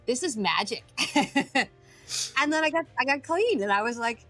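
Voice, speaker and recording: Middle-aged woman, bright voice, lively storytelling, faint music behind. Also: sits high, moderate pace. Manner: animated, acts out quotes. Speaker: guest, addiction coach. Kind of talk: casual storytelling.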